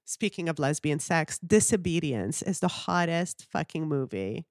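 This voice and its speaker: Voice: medium pitch, lively intonation, measured pace, no room sound, clean studio sound. A podcast guest chatting casually, making a blunt, enthusiastic recommendation. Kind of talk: casual chat.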